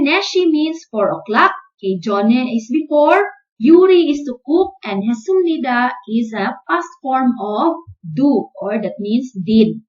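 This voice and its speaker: A woman's voice: high voice, muffled recording. A woman teaching a grammar lesson, explaining patiently step by step and repeating each point. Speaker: language teacher.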